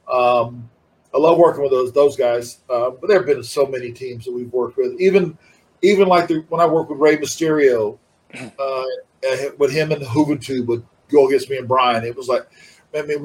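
On a rough recording, a middle-aged ex-wrestler with a mid-range voice chats as an interview guest, loose and rambling, frequently starting his sentences over.

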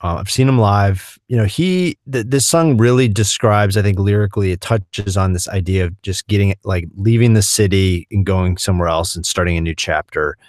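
A man co-hosting a podcast, talking in easygoing, jokey casual chat and musing out loud. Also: fairly low pitch, normal speed, hardly any pauses, dry recording, clean studio sound. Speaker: podcast co-host.

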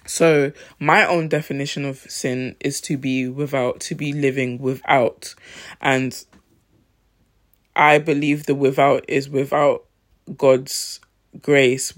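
A man giving a reflective talk on faith, thinking aloud with pauses and restarts. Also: medium pitch. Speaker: Christian vlogger.

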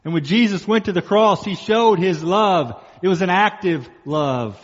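A man with a slightly high voice preaching a sermon in what sounds like a church hall. He is emphatic, slows down on the key phrases and repeats them for weight. The sound is a little muffled, and a long reverb trails behind every phrase. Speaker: pastor.

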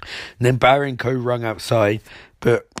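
A young man recapping a TV episode in a mocking, rambling way, tossing off quick impressions of the characters. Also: mid-range voice, steady tone, dry recording, clean studio sound. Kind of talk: sarcastic comedic episode recap.

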